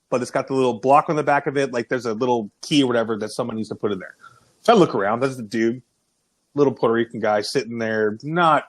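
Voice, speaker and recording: A man co-hosting a podcast, telling a funny anecdote in casual chat and laughing along. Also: mid-range voice. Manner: chatty anecdote teller, laughs at his own story.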